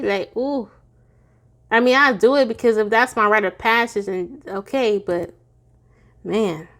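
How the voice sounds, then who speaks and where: Female tarot reader, slightly high voice, casual and goofy, tired, talks to viewers as y'all. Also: a bit bright.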